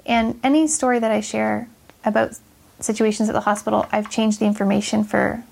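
A woman's voice: medium pitch, flat delivery, a little fast, creaky, a little mellow, husky. A woman nurse earnestly sharing a personal faith story in a casual chat, reflective and full of fillers.

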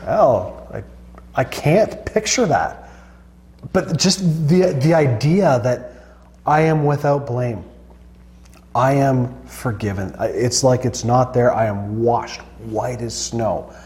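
Earnest man, halting and reflective. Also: medium pitch, darkish tone. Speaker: co-host. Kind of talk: Christian talk show conversation.

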